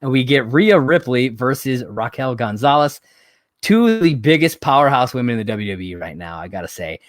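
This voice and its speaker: A man co-hosting a casual podcast, telling the story with plenty of swearing and exasperation. His voice sits at an ordinary middle pitch. The recording is dry and close, with little sense of the room. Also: sing-song, brisk, no echo. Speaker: podcast co-host. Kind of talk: casual wrestling recap chat.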